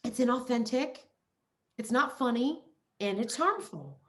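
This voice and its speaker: A woman's voice: a little high, lively intonation, a little slow, a bit bright. A young adult woman, a podcast guest, talking emphatically in casual conversation and acting out the people she quotes.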